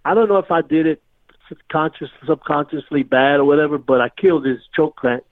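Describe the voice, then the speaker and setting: A man's voice: a little high, a little fast, no echo. Rambling storyteller man on a tinny phone line. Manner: rambling, says "you know what I mean" often. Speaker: guest. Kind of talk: casual storytelling.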